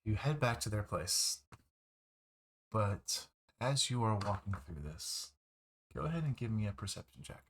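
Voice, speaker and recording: A man's voice: fairly low pitch, expressive, measured pace, pauses often, a bit bright. A man running a tabletop game as game master, laughing often and thinking aloud as he checks his notes.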